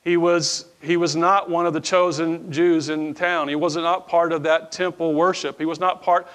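A middle-aged man preaches from the pulpit with a high voice. He reads scripture aloud, restarts his phrases, and keeps calling on the congregation to answer back. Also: little pitch movement, moderate pace, a bit bright. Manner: repeats words, calls for congregation responses. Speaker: pastor. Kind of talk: sermon with scripture reading and prayer. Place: church sanctuary before a congregation.

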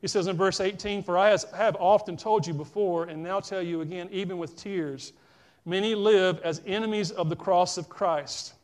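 Brief: middle-aged Southern male pastor, high voice, chatty sermon delivery. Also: steady tone, moderate pace, darkish tone. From South Carolina, US. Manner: folksy, talks straight to the congregation.

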